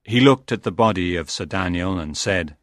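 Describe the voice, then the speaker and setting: A man narrating a simple storybook slowly and deliberately. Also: low voice, lively intonation, fairly bright tone, no room sound, clean studio sound. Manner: slow and deliberate.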